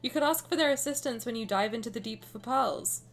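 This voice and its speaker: A woman's voice: on the high side, brisk. A woman streamer chatting and joking casually while reading game dialogue aloud. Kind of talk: casual gaming commentary. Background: faint game music.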